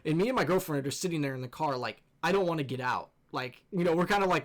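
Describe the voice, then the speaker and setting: Animated young man telling a story. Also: on the high side, fast, few pauses. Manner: animated, excitable, swears freely. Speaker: gaming channel host. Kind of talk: casual storytelling over gameplay.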